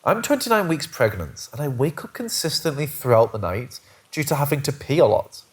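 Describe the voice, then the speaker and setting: A man reads first-person paranormal stories as scripted narration. His pitch sits in the middle and rises and falls a lot. The reading stays steady throughout. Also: fairly quick, slight background noise.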